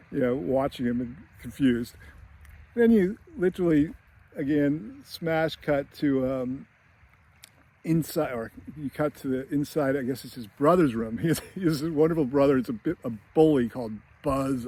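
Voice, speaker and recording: A man's voice: medium pitch, measured pace, mellow, slightly rough. A man giving a casual, rambling film analysis with many fillers and chuckles. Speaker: screenwriting commentator.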